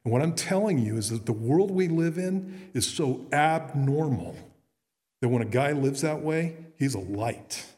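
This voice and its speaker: A man's voice: medium pitch, lively intonation, unhurried, dark tone. A middle-aged man, a pastor, preaching earnestly in a conversational way with frequent restarts. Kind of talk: sermon. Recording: long reverb in a hall.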